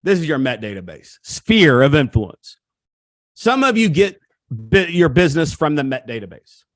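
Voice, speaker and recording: A man giving an energetic, repetitive pep-talk style coaching seminar on real estate over a video call. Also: fairly high pitch, normal speed, no echo.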